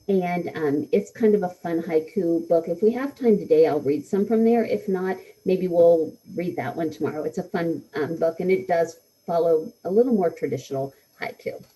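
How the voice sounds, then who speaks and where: A woman's voice: lowish voice, dark tone, rough recording. A woman teaching a live lesson to schoolchildren, encouraging them and answering their comments with frequent ums. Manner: encouraging, answers students' comments with many fillers. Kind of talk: live read-aloud lesson to a class.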